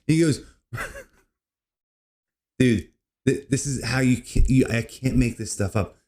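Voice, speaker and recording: A man's voice: measured pace, long pauses. Rambling man telling a wild story. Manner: rambling, says "dude" constantly, lively swings in pitch. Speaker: comedy podcast host. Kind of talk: casual storytelling monologue.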